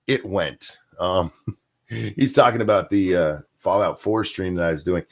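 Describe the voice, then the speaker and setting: A man speaks in a low-pitched, unhurried voice while hosting a relaxed livestream show. Rambling through the chat with many fillers and chuckles, he answers viewer messages and donations aloud.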